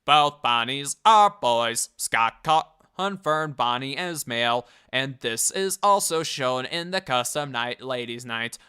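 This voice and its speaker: A man's voice: medium pitch, animated, measured pace, few pauses, pushed and bright, smooth. A man casually reviewing and reading out online comments, rambling, swearing and laughing as he goes. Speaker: video reviewer.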